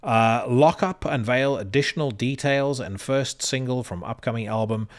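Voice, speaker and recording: A man's voice: mid-range voice, moderate pace. A man hosting a podcast who rattles through news items in a casual, sardonic, profane way, full of "uh" fillers. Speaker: podcast host. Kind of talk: casual news roundup and opinion.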